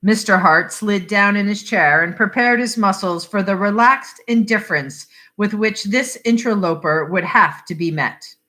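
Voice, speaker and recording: A woman reading a short story aloud for adult listeners, unhurried and expressive. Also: medium pitch. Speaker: reader.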